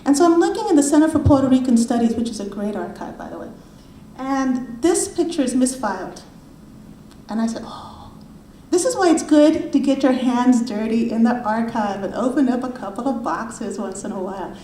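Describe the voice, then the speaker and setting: High-voiced woman, mellow tone, book talk, lively storytelling, echoey library room. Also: normal speed, slight background noise. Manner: storytelling, animated, acts out quoted voices. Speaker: author presenting her book. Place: university library event room.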